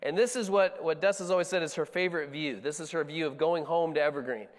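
A man's voice: a little high, fast, in a large hall. A man from Colorado, a pastor teaching a sermon in a casual, conversational way. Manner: casual, conversational, with frequent fillers and restarts.

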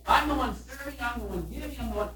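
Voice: very high voice, unhurried, very noisy, pitched above the performer's own voice. A preacher voicing a fretful, busy woman who pleads in a self-righteous, exasperated way. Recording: roomy room from a distant mic.

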